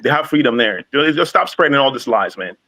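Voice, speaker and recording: A man's voice: mid-range voice, animated, fairly quick, pushed and bright, low-quality recording. A man in his forties, a panelist in a heated live debate, combative and scolding, talking over others. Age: 40s. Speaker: call-in panelist.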